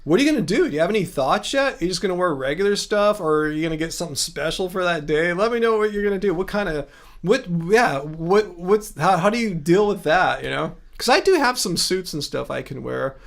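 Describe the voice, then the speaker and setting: High-voiced man chatting on a livestream. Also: expressive, brisk, gravelly. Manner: rambling, chatty, frequent fillers and self-corrections. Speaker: livestream host. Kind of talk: casual livestream chat reading viewer comments.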